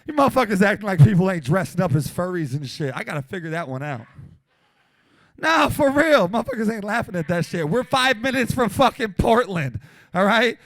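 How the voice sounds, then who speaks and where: Man, 40s, stand-up comic, very high voice, bright and forceful, brash, swearing, shouting bursts. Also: very animated, brisk, no room sound. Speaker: stand-up comedian. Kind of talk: profane stand-up routine. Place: small live comedy venue.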